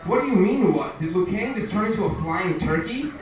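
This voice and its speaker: Performing stand-up at a live comedy club, this young man has a high-sitting voice with lively intonation and talks a little fast. His delivery is chatty, and he plays out the characters he quotes. The lo-fi audio was captured at a distance in a reverberant, noisy room.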